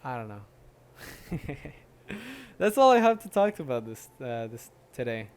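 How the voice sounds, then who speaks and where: A man's voice: medium pitch, very animated, measured pace, a little hiss or hum. A young man hosting a casual solo podcast, rambling with many restarts and fillers, a little out of breath. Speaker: podcast host.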